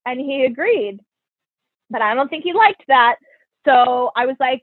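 A young woman hosting a casual chat, telling a story in an animated, profane way and acting out what others said. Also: high-pitched, normal speed, no echo. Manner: animated, profane, quotes people in her stories. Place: New York. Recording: tinny phone-like audio.

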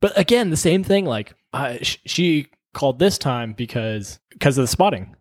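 A man telling medic stories in casual podcast chat, animated and profane, acting out the dialogue. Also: mid-range voice, normal speed, no room sound.

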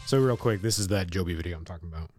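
A man co-hosting a casual podcast, rambling and swearing in halting sentences. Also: low-pitched, music in the background. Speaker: podcast co-host. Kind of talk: casual chat.

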